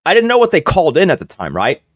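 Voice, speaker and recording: A man's voice: a little high, fast, dry recording, studio quality. A young man streaming live, telling a story in a casual, profane way and acting out what others said. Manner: animated, profane, acts out quoted voices.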